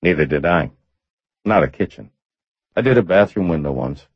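Guy reading a tough ex-army loner, deep, clipped and terse, husky, dry muffled sound. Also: animated, moderate pace, dry recording, heavily acted. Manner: terse, clipped, low-key.

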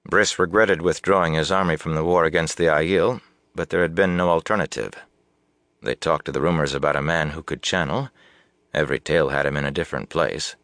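A man reading a fantasy novel aloud as audiobook narration, with a measured, even storytelling delivery. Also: extremely low pitch, no room sound. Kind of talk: scripted narration.

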